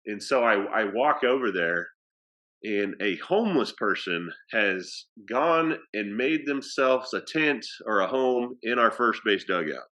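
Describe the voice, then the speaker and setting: A man's voice: lowish voice, animated, measured pace, pushed and bright. A man working as an athletic director, telling a story casually with many fillers and restarts.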